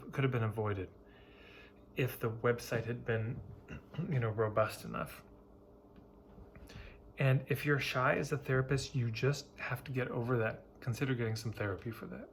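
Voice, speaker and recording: A man's voice: medium pitch, slight background noise. A man talking casually and candidly to camera, giving emphatic marketing advice to therapists. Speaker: marketing coach.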